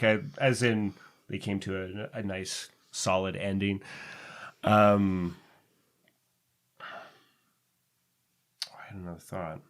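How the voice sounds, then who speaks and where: A man's voice: mid-range voice, fairly bright tone, clean tone. A man who is a cast member on a podcast, chatting casually and playfully, laughing often and stumbling over words. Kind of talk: casual chat.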